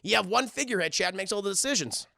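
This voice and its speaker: A man streaming a crude, excitable film review, talking to his chat and laughing often. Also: high voice, quick pace, creaky, no room sound. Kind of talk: casual livestream commentary.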